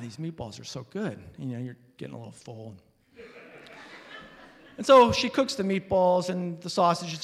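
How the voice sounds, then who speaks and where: A man's voice: a little high, a bit bright. A man from Alaska telling a personal story on stage, animatedly acting out relatives' lines. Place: hall before an audience. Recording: reverberant hall.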